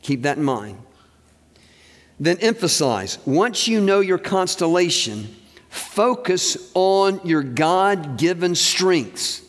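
An older man, a university president, giving a chapel sermon with joking asides and earnest prayer in a large auditorium. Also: on the high side. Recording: reverberant hall.

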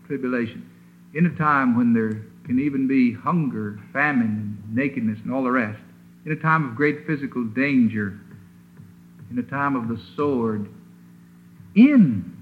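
A man preaching a sermon in an emphatic, deliberate way, leaning hard on single words, heard on a lo-fi old recording from a chapel. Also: mid-range voice. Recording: tinny lo-fi old sermon recording with faint hiss.

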